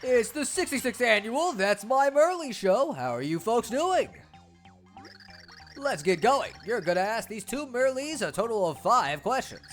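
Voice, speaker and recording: A woman's voice: a little high, big pitch swings, unhurried, soft background music, voice pushed up. A woman doing a hyped game-show host. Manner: hyped, showy announcing.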